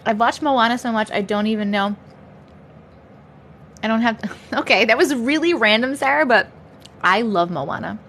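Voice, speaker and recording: A woman's voice: on the high side, moderate pace, long pauses, a bit bright, slight background noise. A woman in her thirties hosting a casual live stream, reading chat and laughing often as she talks. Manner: laughs often, chatty and upbeat. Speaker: livestream host.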